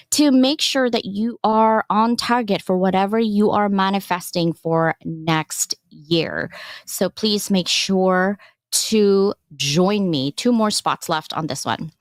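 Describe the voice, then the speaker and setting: A woman's voice: mid-range voice, dry recording, studio quality. A woman giving a casual live presentation as a workshop presenter, chatty and encouraging, with frequent digressions.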